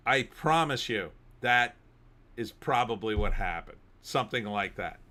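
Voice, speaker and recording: A middle-aged man, hosting a livestream and telling animated stories between reading chat comments, sometimes bursting into shouting. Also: lowish voice, measured pace. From New Jersey. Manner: animated storyteller, bursts into shouting when riled. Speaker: host.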